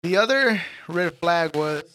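A man hosting a casual podcast chat, telling animated, profane stories and acting out the people in them. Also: high voice, unhurried. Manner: animated storyteller, profane, acts out quoted people. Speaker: podcast host.

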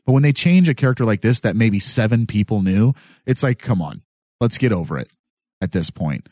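A man co-hosting a casual podcast chat, animated and swearing, who slips into mocking voices. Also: fairly low pitch, a little fast, no room sound, clean studio sound. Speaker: podcast co-host.

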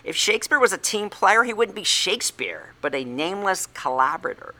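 A man's voice: sits high, sing-song, fairly quick, pushed and bright, pitched above the performer's own voice, full character voice. A man voicing a snobbish teenage boy prodigy who is haughty and slyly evasive. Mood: smug.

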